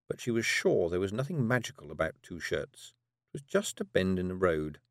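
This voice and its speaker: A man reading a fantasy novel aloud as an audiobook narrator, measured and drily humorous. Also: sits low, sing-song, no echo, clean studio sound.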